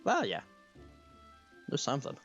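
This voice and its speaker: A man's voice: measured pace, a bit bright, muffled recording, faint music behind. A man hosting a podcast in casual chat, with a slight lisp, laughing often and restarting his sentences. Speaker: podcast host.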